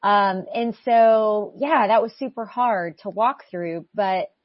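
A woman co-hosting a faith talk show, speaking thoughtfully and pausing often with ums as she reflects. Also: medium pitch, no echo. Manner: thoughtful, searching, with frequent ums and restarts. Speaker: podcast co-host. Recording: slightly muffled dry audio.

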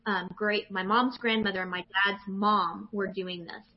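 A woman in her forties, a guest telling her personal faith testimony with animated emotion. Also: mid-range voice, measured pace, slightly rough. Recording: dull lo-fi sound.

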